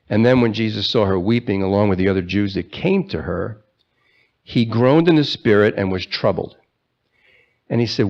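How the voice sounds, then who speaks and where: A man preaching a sermon, retelling the scripture story in a conversational way and slowing down for the key lines. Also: on the low side, highs cut off. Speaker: pastor.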